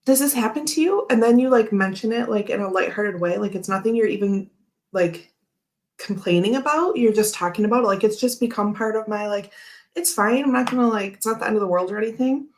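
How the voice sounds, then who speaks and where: A woman's voice: medium pitch, brisk. A woman hosting a casual chat, telling a rambling story full of fillers and frequent laughs. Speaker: tarot channel host.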